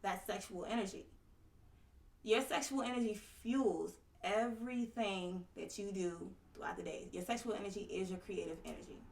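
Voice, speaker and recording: A woman explaining her ideas in a relaxed podcast chat, sure of herself and full of loose slang. Her voice sits at an ordinary pitch. The recording is roomy and she sounds a little back from the mic. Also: moderate pace, vocal fry, far from the mic. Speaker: guest, tantric sex coach. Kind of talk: casual podcast conversation.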